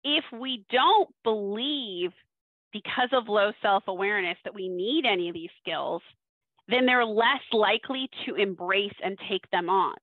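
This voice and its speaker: A woman's voice: mid-range voice, measured pace, no room sound. A woman giving a webinar talk as a social skills coach, teaching in a conversational way and often checking in with "right?". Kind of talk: webinar presentation. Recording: dry, phone-like audio.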